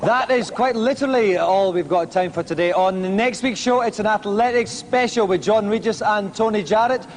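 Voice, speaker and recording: A man's voice: high voice, normal speed, few pauses. A man hosting a games show from an office, asking questions and signing off with dry jokes. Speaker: host. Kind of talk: presenting to camera. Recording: noticeable background noise.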